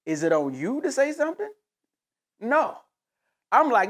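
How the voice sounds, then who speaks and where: Animated, slangy man ranting to camera. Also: very high-pitched, measured pace, pauses often. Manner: animated, slangy, mocking and emphatic. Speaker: commentator. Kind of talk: casual rant to camera.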